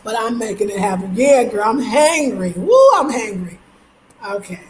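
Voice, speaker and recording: A woman's voice: fairly high pitch, sing-song, normal speed, darkish tone. A young woman with a New York accent, chatting on a casual livestream, reading comments aloud and laughing often. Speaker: livestream host. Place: home. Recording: echoey room, faint noise.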